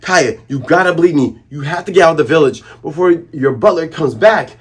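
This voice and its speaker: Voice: medium pitch, expressive, fairly quick, husky. A reviewer voicing a brave young boy who urgently pleads to be believed. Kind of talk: comic retelling with character voices.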